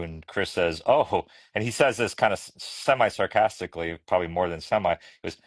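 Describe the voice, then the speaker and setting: A man's voice: deep voice, a little fast, few pauses, no room sound. A middle-aged man, a children's book illustrator, telling casual anecdotes as a podcast guest, chatty and laughing, often restarting his sentences. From United States. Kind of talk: casual storytelling conversation.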